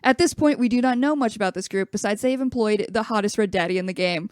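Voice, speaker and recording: A woman's voice: medium pitch, quick pace, a little mellow, no echo, clean studio sound. A woman co-hosting a podcast, talking in a casual, enthusiastic way and laughing often. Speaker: podcast co-host. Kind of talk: casual chat.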